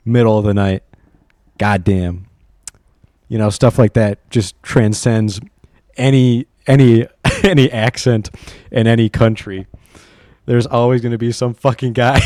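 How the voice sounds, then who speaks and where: A man's voice: fairly low pitch, a little mellow, dry recording, clean studio sound. A young man reading online stories aloud while driving, rambling, swearing and laughing often.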